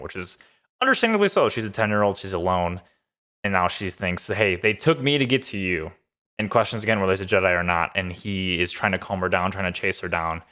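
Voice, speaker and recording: Man, deep voice, casual show recap, excited and rambly. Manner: enthusiastic, loose with many fillers. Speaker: show reviewer.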